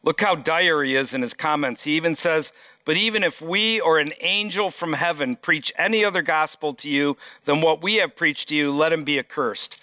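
A man's voice: on the high side, normal speed, pushed and bright, no echo. A pastor preaching a sermon, reading scripture aloud and stressing his points emphatically.

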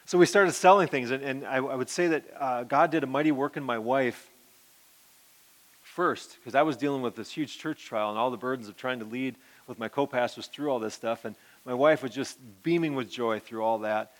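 A middle-aged pastor gives an earnest personal testimony in a mid-range voice at normal speed. He rambles, restarts his sentences, and often drops to a soft murmur.

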